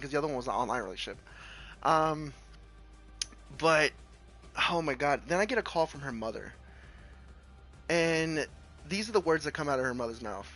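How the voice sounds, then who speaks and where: Bright-voiced man telling a wild story. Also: a little high, moderate pace, long pauses, faint music behind. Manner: animated, laughing, many restarts. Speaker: streamer. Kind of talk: casual storytelling.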